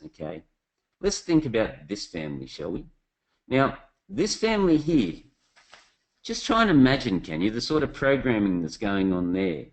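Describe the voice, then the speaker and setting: A man's voice: lowish voice, low-quality recording. Chatty man presenting a webinar. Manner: chatty storytelling, addresses the audience directly. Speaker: business consulting presenter.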